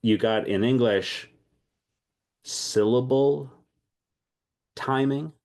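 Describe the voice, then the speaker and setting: A man leading an online language class, lively and thinking aloud, often repeating himself. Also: medium pitch, extremely slow. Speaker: language teacher.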